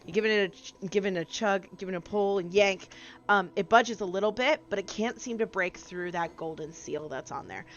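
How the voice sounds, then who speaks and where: A woman's voice: mid-range voice, fairly quick, highs cut off. A woman narrating as game master in a tabletop game, hesitant and laughing often.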